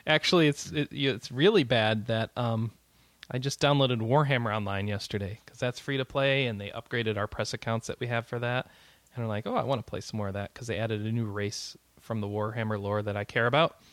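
A man's voice: mid-range voice, fairly even intonation, fairly quick, fairly bright tone, no echo. A man co-hosting a podcast, chatting casually through game news with frequent fillers and easy laughter. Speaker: podcast co-host.

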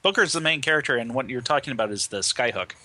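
A man's voice: medium pitch, animated, fast, sharp tone, no echo. A man on a podcast chatting casually in a matter-of-fact way.

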